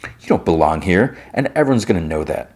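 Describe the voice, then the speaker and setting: A man's voice: low voice, lively intonation, fairly quick, darkish tone, slightly rough, heavily acted. A man voicing a cocky, sarcastic young male henchman. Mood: taunting. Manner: teasing, sarcastic.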